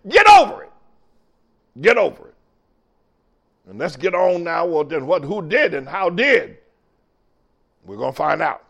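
Older male preacher, gravelly, lively pitch that swings high. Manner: preachy, rising to shouts, drawn-out emphatic lines. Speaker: pastor. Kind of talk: sermon.

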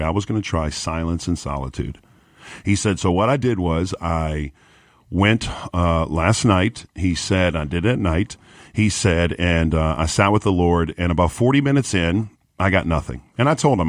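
A deep, low-pitched man speaking as a pastor, recounting a moving story with earnest quoted dialogue. The sound is dry and close, with no room around it. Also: no echo. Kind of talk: storytelling on a podcast.

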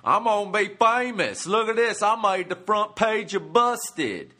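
A man's voice: sits high, expressive, a little slow, bright, forceful tone, pitched above the performer's own voice, exaggerated voice. A man doing a giddy, boastful arrestee. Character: grinning arrestee proud of his mugshot.

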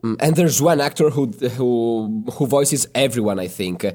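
A man's voice: mid-range voice, animated, moderate pace, a crowd in the background. A man chatting casually, hesitant and full of fillers and repeated words. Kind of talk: casual chat.

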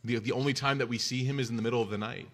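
A man's voice: mid-range voice, steady tone, racing, fairly bright tone. A man telling a religious story in a loose, conversational lesson, with many casual fillers, speaking from home. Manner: conversational, loose, lots of "you know" and "like". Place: at home with his child nearby.

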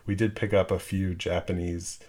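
A man's voice: low-pitched, flat delivery, moderate pace, darkish tone. A man co-hosting a film podcast, talking casually and hesitantly with many fillers and restarts. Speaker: podcast co-host.

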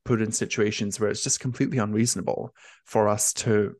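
A young man, once a nurse and now a career coach, speaks openly and emotionally in a candid interview, leaning on "like" a lot. His voice is on the low side, steady, brisk, and darkish, captured in studio quality with no room sound.

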